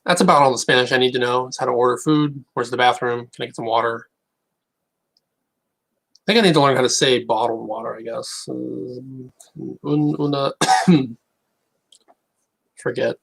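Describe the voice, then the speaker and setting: A young man talking casually to camera in a rambling, halting, wry way. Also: medium pitch, steady tone, vocal fry, fairly bright tone, rough recording. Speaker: online creator.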